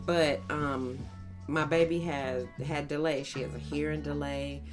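Lively woman telling family stories. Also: a little slow, over music. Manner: animated storyteller, acts out toddlers in high voices. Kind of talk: casual chat.

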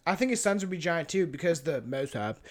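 A man's voice: a little high, animated, brisk. A young man co-hosting a podcast, rambling and swearing in casual chat, laughing often. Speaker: podcast co-host.

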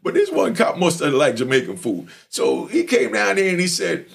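A man hosting a show, telling a story in an animated, streetwise way and repeatedly checking in with the listener. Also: high-pitched, normal speed, gravelly. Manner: animated, streetwise, repeats "you know what I mean". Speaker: podcast host telling stories. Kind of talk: storytelling monologue.

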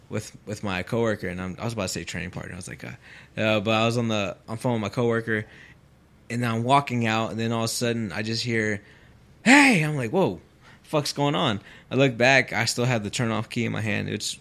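Laid-back man, low easy voice. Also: creaky, fairly bright tone. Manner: loose, filler-heavy, swears freely. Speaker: podcast guest, pro fighter. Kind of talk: casual storytelling.

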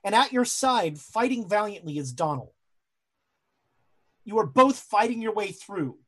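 A woman narrating a horror tabletop game as game master, slow and dramatic, with halting fillers as she searches for words. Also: mid-range voice, very animated, fairly bright tone, slightly rough.

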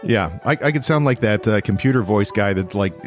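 A man's voice: on the low side, lively intonation, brisk, soft background music. A man co-hosting a married couple's podcast in casual chat, playful and full of restarts. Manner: playful, jokes with voices and stumbles over restarts. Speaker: podcast co-host.

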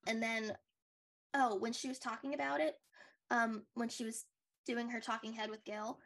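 Gravelly chatty woman podcast co-host. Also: on the high side, level tone, normal speed, a bit bright. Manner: chatty, rambling, frequent likes and restarts. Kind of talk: casual recap chat.

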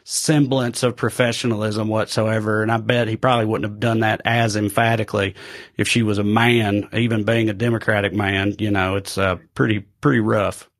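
A man's voice: fairly low pitch, flat delivery, moderate pace. A man co-hosting a podcast, joking casually with hesitant fillers. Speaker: podcast co-host.

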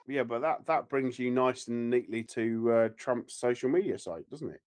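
A man co-hosting a casual podcast, chatty and quick to jump in. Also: medium pitch. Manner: animated, chatty, jumps in. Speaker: podcast co-host. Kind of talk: casual chat.

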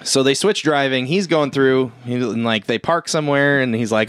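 A man's voice: medium pitch, moderate pace, fairly bright tone, clean tone, no room sound. Man, casual chat, rambling movie recap, swears a lot, acts out quotes, dry close sound.

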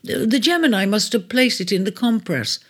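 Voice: medium pitch, lively intonation, moderate pace, fairly bright tone, husky, pitched above the performer's own voice. Ares, a narrator doing a shy young wanderer. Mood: puzzled. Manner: hesitant, earnest.

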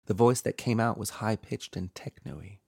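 Deep gravelly man narrating horror. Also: a little mellow, no room sound, studio quality. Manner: dramatic, measured storytelling. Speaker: horror podcast host and narrator. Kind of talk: scripted horror story narration. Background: faint music.

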